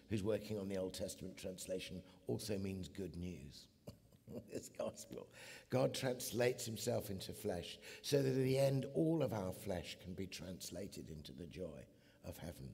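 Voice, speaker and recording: A middle-aged man from England giving an animated sermon as a guest preacher, building to emphatic peaks. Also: low-pitched, vocal fry, slightly rough. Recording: long hall reverb.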